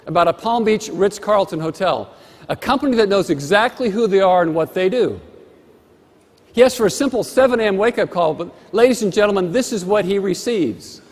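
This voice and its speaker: A man giving a motivational keynote speech with emphatic, rhythmic repetition, on a stage microphone in a large conference hall. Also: sits high. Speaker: motivational speaker. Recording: long hall reverb.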